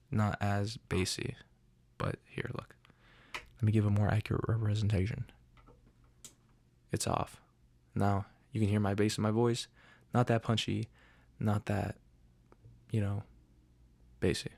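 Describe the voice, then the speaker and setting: A man's voice: fairly low pitch, gravelly, darkish tone, no echo. A man hosting a casual gear demo in an untreated home room, rambling with self-deprecating, jokey asides, recorded close on a studio condenser mic. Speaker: channel host. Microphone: studio condenser mic through outboard chain.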